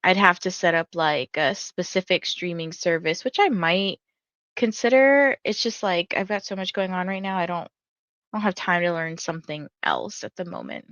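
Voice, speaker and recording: Tired and yawning, a woman hosting a reading livestream rambles casually, saying "like" a lot and reading out viewer comments. Her voice is on the low side, expressive and fairly bright, at a moderate pace with no echo.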